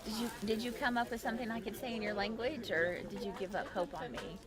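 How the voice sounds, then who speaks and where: A woman's voice: a little high, steady tone, quick pace. Teasing Southern woman in a crowd. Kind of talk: casual chat at a race. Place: outdoor race camp. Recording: loud crowd chatter outdoors.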